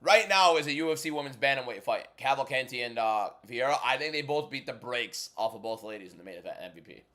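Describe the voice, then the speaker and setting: A man hosting a casual fight watchalong livestream, blunt and bantering as he answers chat, moving between a subdued inside voice and loud hyped delivery. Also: medium pitch, expressive, quick pace, hardly any pauses. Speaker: MMA content creator and livestream host.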